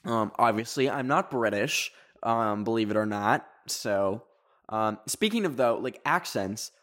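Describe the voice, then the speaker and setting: A young man from Canada hosting a podcast, talking casually in a rambling, animated way, full of fillers. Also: on the low side, unhurried. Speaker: podcast host.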